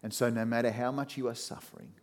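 A man of average pitch preaching a sermon. He swings between loud, emphatic, rising lines and hushed, low, slow passages when he reads scripture. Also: steady tone.

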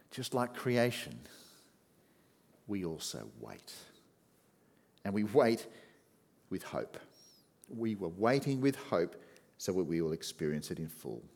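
A man preaching a sermon, swinging from loud emphatic rises to hushed, low passages as he reads scripture.

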